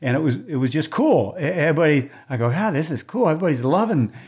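An older man in his sixties spins stories from his years as a race announcer. He is lively and chatty, slips into other people's voices for the quotes, and laughs easily along the way. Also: a little high, quick pace, breathy edge. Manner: animated storyteller, acts out voices, laughs often. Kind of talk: casual storytelling interview. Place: moved from Hawaii, on the mic in Southern California for decades.

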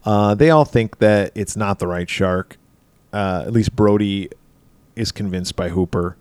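A man's voice: lowish voice, a little slow, darkish tone, clear, resonant tone, no room sound. A man co-hosting a podcast, animatedly retelling movie scenes in casual chat, acting out lines and laughing often. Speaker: podcast co-host.

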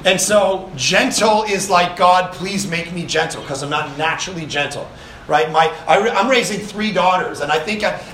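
Energetic high-voiced man preaching in an echoey hall. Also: moderate pace, far from the mic, slight background noise. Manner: energetic, conversational preaching with rhetorical questions. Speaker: pastor. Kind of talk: sermon. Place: summer camp meeting hall. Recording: echoey room, speaker off-mic.

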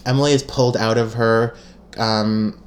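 A woman's voice: very deep voice, steady tone, moderate pace. A woman co-hosting a podcast in casual chat, talking in loose restarts with many fillers and frequent laughs. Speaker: podcast co-host. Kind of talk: casual chat recapping a TV episode.

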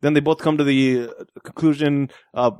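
A man's voice: a little high, steady tone, a little mellow, clean tone, no room sound, studio quality. A man co-hosting a podcast, chatting loosely about a movie with lots of fillers and asides. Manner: rambling, full of fillers and quick asides. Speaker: podcast co-host. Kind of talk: casual movie recap chat.

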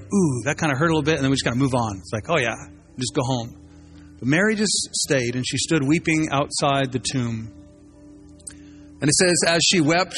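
A man preaching in a loose, conversational style, slipping into quick voices for the people he talks about. His voice sits a little high for a man, and soft music plays behind him. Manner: animated, conversational, acts out voices of biblical figures. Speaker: pastor. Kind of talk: sermon.

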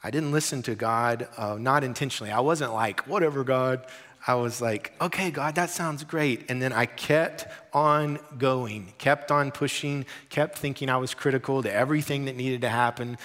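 Pastor in a reverberant hall. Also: male voice, medium pitch, a bit bright. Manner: conversational, earnest, with quoted asides. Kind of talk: sermon. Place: church sanctuary.

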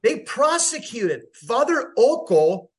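A man's voice: very high voice, sing-song, takes it slowly, breathy edge. A man co-hosting a Catholic radio talk show, emphatic and repetitive, often calling his co-host by name. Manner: emphatic, repeats names and phrases.

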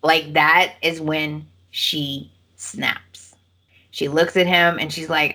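Podcast host, female, low slow voice, vivid retelling with acted-out quotes. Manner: animated storytelling, acting out quotes. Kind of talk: casual chat.

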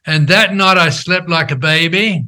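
An older man and company founder, telling his story in an animated, conversational way, checking in with "right?" as he goes. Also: a little high, measured pace. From Australia. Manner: animated storyteller who acts out quoted dialogue, frequent "right?" tags.

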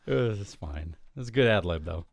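A man's voice: lowish voice, expressive, a little fast, creaky, dry recording, studio quality. A man co-hosting an entertainment podcast in casual, teasing chat. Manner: joking, teasing. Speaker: podcast co-host. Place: Chicago area.

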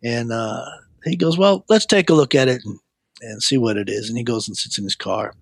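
A middle-aged man, a guest, telling his life story in a rambling, animated way, with many fillers and restarts. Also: a little fast, vocal fry, slightly rough, no room sound. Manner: animated, acts out quoted voices with a raised pitch. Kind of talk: personal storytelling.

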